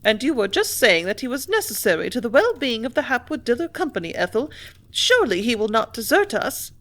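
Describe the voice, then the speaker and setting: A woman's voice: a little high, very animated, brisk, a bit bright, voice pushed up. A woman voicing a fretful widowed mother. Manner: raised, fretful, exclaiming. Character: fussy middle-aged widowed mother.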